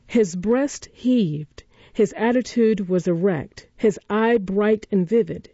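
A narrator reading a classic novel in a measured, even storytelling manner, in a dull, dry recording. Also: mid-range voice, husky, dry recording.

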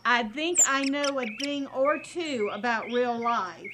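An actress playing a gentle, cheerful mother who speaks sweetly and patiently. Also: on the high side, takes it slowly, very noisy. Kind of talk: drama scene.

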